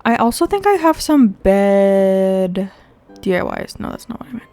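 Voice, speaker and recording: A young woman talks through her video game in a relaxed, rambling way. Her voice sounds stuffy and congested from sniffling, and she keeps thinking aloud as she decides where things go. Soft game music plays faintly behind her. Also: medium pitch, a little slow. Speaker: gaming video host. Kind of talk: casual gameplay commentary.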